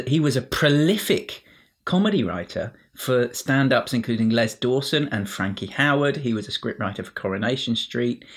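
A man's voice: mid-range voice, slightly rough. A man hosting a show and introducing his guests in a chatty, self-deprecating way. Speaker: podcast host.

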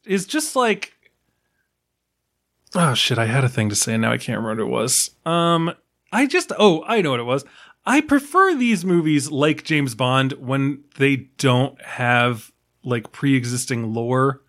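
A man's voice: medium pitch, big pitch swings, unhurried, a bit bright. A tired man hosting a casual film podcast, rambling with many fillers and restarts. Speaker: podcast host.

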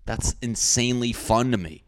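A man hosting a rambling comedic monologue, excitable, profane and self-mocking. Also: medium pitch, normal speed, no room sound, clean studio sound.

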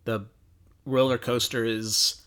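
A woman's voice: very deep voice, fairly even intonation, slow pace, fairly bright tone. A woman co-hosting a casual book podcast, musing and hesitant with dry asides. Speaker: podcast co-host. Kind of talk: casual book discussion chat.

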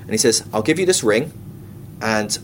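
A man leading a Bible study class in a casual, chatty way, full of comic asides and quick acted-out quotes. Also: on the low side, animated, a little hiss or hum.

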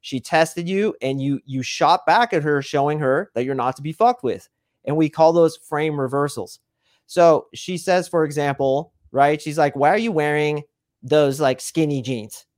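A man's voice: on the high side, normal speed, darkish tone, no echo, studio quality. A man who is a dating coach, a podcast guest, explaining with confidence and acting out quoted dialogue.

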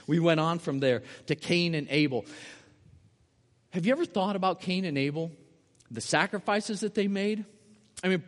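A man's voice: high-pitched, a bit bright, in a large hall. A man preaching a sermon, telling a story with emphasis and repeating key phrases for weight. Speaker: missionary preacher. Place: church.

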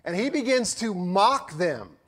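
A male pastor preaching a sermon in a storytelling manner, with a touch of sarcasm, moving from loud to hushed. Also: high voice, animated, measured pace.

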